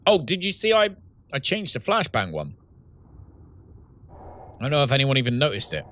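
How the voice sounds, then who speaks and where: A man's voice: medium pitch, wildly swooping pitch, moderate pace, a bit bright. A man, chatting casually with viewers while playing a game live, reading out chat messages and laughing often. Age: 30s. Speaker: streamer and host. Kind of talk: casual livestream gaming chat.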